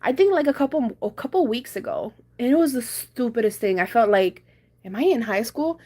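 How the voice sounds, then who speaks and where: A young woman hosting a casual live chat from home, talking animatedly and acting out loud comebacks as she tells stories. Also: a little high, fairly quick. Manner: chatty, animated storytelling with loud reenacted comebacks. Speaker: livestream host. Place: home, doing chores.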